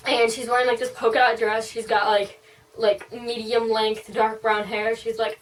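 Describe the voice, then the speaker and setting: Young woman vlogger, slightly high voice, rambling storytime, sits a bit far from the mic. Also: steady tone, normal speed. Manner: rambling, full of "like" and "um". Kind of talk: casual storytime.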